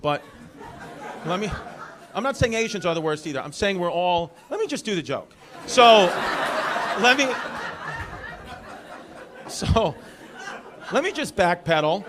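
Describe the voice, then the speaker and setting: High-pitched and sing-song, this New York comic from Brooklyn takes his time and pauses often as he teases the comedy club crowd. His stand-up crowd work is brash, full of rambling asides. Background noise and audience laughter fill the live recording.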